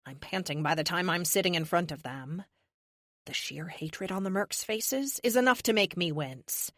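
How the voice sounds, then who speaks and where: A woman's voice: fairly low pitch, lively intonation, normal speed, a bit bright, dry recording, studio quality. A woman narrating a superhero audiobook in the first person, with a wry, sarcastic touch.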